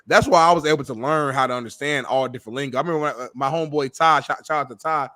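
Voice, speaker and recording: A man's voice: mid-range voice, racing, no room sound, studio quality. A man co-hosting a casual sports talk show, telling stories with lots of laughter. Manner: laughs often, animated storytelling. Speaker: co-host.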